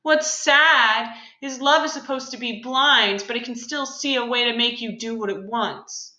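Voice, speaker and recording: A brooding young man pours out his lovesick complaints in melodramatic sighs, read aloud by a woman. The voice is bright and a little high. It rings in a roomy space. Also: unhurried, highs cut off. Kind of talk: reading a play aloud. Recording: roomy echo.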